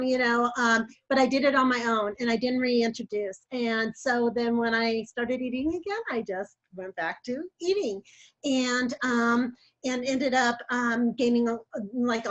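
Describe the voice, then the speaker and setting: A woman's voice: a little high, a bit bright, lo-fi sound. An older woman, her voice affected by allergies, telling her story in a chatty, rambling way with many fillers. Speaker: coaching client. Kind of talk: casual interview storytelling.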